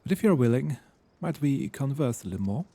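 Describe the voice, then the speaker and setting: A man reading game dialogue aloud, voicing a gentle male god in mortal form with a French accent and formal, archaic, courteous speech. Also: mid-range voice, lively intonation, fairly quick, slightly rough, dry recording. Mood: earnest.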